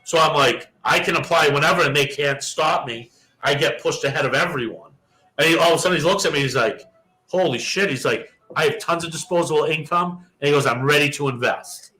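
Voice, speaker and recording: A young adult man, a podcast co-host, telling a profane, animated story and acting out the quoted lines in casual chat. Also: a little high, brisk, poor audio.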